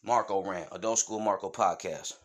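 A man's voice: low voice, moderate pace, very noisy. A man hosting his own podcast, delivering a heated, profane rant straight at his listeners. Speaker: podcast host.

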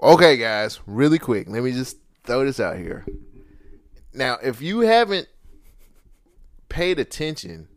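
A man's voice: medium pitch, sing-song, unhurried, long pauses, dry recording, clean studio sound. A man co-hosting a podcast, bantering and ranting in casual chat. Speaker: podcast co-host.

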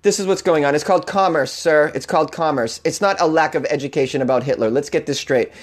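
A man's voice: a little high, fast talker. Sarcastic man with a Boston accent. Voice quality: sarcastic, mock-outraged, laughs at own jokes. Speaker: comedian podcast host. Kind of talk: comedic news commentary.

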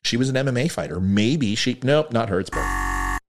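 A man giving an opinion commentary monologue, sarcastic and ranting, swinging between loud lines and muttered asides. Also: mid-range voice, expressive, brisk, background noise. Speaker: online commentator.

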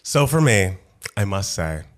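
Excited man telling a detailed story. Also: on the low side, unhurried. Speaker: podcast co-host. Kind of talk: casual chat.

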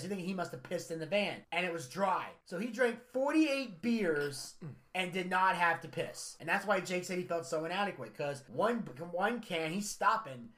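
A man's voice: high voice, normal speed, a bit bright. A man hosting a podcast in casual chat, telling stories with lots of swearing and teasing his co-host. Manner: profane, storytelling, teasing.

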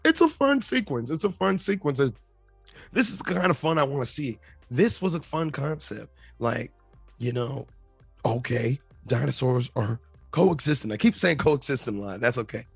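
A man's voice: medium pitch, dry recording. A man hosting a podcast, giving a casual movie review, rambling and enthusiastic with lots of fillers. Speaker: podcast host.

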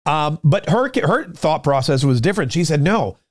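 A man's voice: fairly high pitch, lively intonation, normal speed, dry recording, studio quality. A man hosting a podcast, talking casually and rambling with many restarts as he plugs merchandise and discusses politics. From United States. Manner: rambling, conversational, frequent restarts. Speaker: podcast host.

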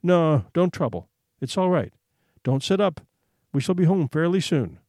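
A man's voice: fairly high pitch, expressive, normal speed, mellow, dry recording, studio quality. A man voicing an anxious, cold upper-class mother who speaks in tense, clipped questions.

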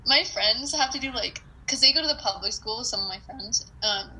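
Bright-voiced young woman chatting casually. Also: on the high side, normal speed, low-quality recording. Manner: rambling, filler-heavy, laughs often, swears casually. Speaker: podcast co-host. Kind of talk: casual chat.

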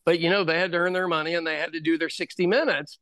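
A man from Oklahoma, a former stand-up comic, telling stories in a casual, animated chat with frequent swearing. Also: fairly high pitch, no room sound, studio quality. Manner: animated storyteller, swearing, quick asides.

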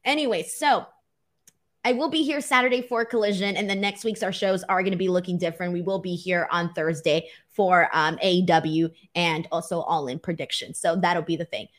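A woman's voice: fairly low pitch, a little fast. A woman co-hosting a wrestling podcast in a casual, chatty way, often laughing. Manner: chatty and animated, with frequent laughs. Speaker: podcast co-host. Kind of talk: casual chat.

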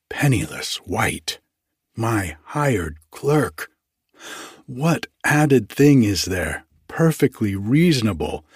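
A man reading a classic story aloud in a deliberate, formal narrating manner. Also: lowish voice, breathy edge, no echo, studio quality. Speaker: audiobook narrator.

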